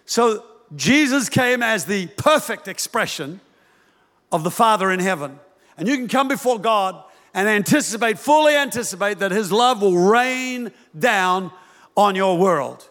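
High-voiced man preaching in a reverberant hall. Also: unhurried, some chatter behind. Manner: animated, acts out parents' voices with humor. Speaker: pastor. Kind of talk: sermon.

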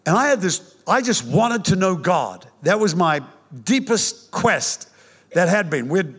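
An older man preaching a sermon, telling his own conversion story in an animated, joking way with many restarts. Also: high-pitched, measured pace, husky. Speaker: pastor. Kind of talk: sermon with personal testimony. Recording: reverberant hall.

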